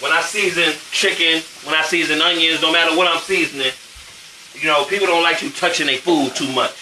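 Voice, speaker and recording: A man's voice: on the high side, steady tone, fairly quick, roomy sound, background noise. A man hosting a casual cooking show, chatting in slang while he cooks and often asking if you know what he's saying. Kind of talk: casual cooking demo chat. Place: home kitchen with food frying.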